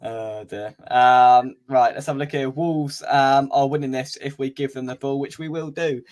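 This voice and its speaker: A man's voice: medium pitch, fairly even intonation, normal speed, a little mellow. A man hosting a casual football chat with friends, laughing and joking at his own expense. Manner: laughing, self-mocking banter. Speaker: podcast host.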